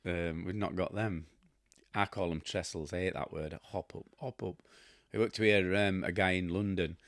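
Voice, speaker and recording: A low-pitched Yorkshire man in his fifties chats casually to camera, wandering from story to story with blunt asides and chuckles. His voice sounds close and dry, with no room around it. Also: steady tone, moderate pace, no room sound. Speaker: host.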